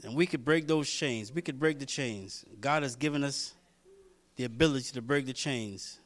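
A man preaching a sermon, reading scripture and repeating lines as he builds toward shouting. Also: mid-range voice, normal speed. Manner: reads scripture aloud, talks to congregation by name. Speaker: pastor.

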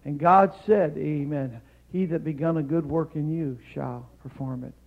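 A male guest preacher and missionary giving a Pentecostal sermon in a church, climbing to shouted peaks, then dropping into calm storytelling, with "amen" and "hallelujah" scattered throughout. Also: a little high, gravelly, phone-quality sound. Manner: fills pauses with "amen" and "hallelujah". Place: church sanctuary.

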